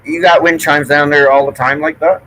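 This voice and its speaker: A man's voice: on the high side, steady tone, moderate pace, fairly bright tone, slight background noise, poor audio. A middle-aged man with a Newfoundland accent, chatting casually and swearing freely. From Newfoundland, Canada. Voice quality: gravelly, swears a lot. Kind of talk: casual chat.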